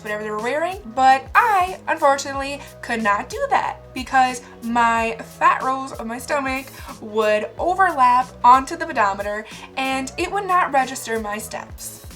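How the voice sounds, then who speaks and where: With a fairly high, sharp-toned voice, a young woman shares comic stories about herself in a casual vlog. Talking to camera, she chats away and laughs a lot.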